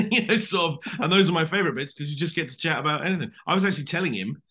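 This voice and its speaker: A British man around forty, a guest actor telling rambling, animated stories in a casual podcast interview. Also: a little high, racing, a little hiss or hum. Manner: rambling animated storytelling, says "mate".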